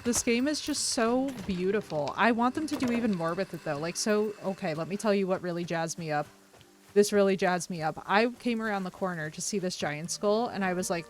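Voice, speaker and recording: A woman streamer chatting casually with her viewers, effusive, unfiltered and animated. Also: mid-range voice, a little fast, slight background noise.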